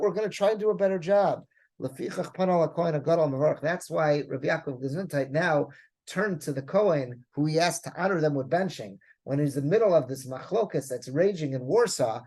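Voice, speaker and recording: Rabbi teaching a Torah class, gravelly voice, reads Hebrew then explains it in casual English. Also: male voice, high-pitched, a little mellow. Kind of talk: Torah class, reading and translating a text.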